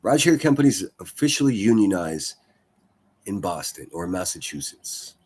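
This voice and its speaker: A man's voice: low voice, very animated, moderate pace, a little mellow, husky. A man hosting a daily news livestream, chatting casually and rambling through the stories with repeated words and the odd swear. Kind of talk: casual commentary over news clips.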